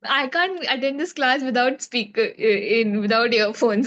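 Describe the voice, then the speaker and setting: A woman, taking part in a class, joking in a quick, teasing way that mixes Hindi and English. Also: fairly high pitch, expressive, a bit bright. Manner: fast, teasing banter in Hindi and English, laughing. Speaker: class participant. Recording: distant from the mic.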